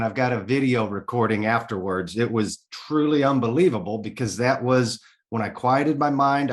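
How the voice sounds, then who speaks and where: Male interview guest, mid-pitched voice, frank and heartfelt, drops casual curses. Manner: candid and earnest, swears casually. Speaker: podcast guest. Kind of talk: personal storytelling in an interview.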